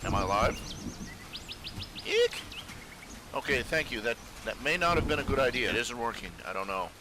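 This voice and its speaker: A man's voice: mid-range voice, animated, fast, noisy background. A man chatting casually to viewers during a live stream at his computer, rambling with many fillers and restarts. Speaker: webcomic artist streaming live. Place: home room at his computer.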